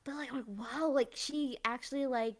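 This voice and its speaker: Woman, casual podcast host, rambling recap, lots of filler, high voice. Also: steady tone, a little fast. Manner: rambling retelling with many fillers. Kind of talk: casual anime review chat.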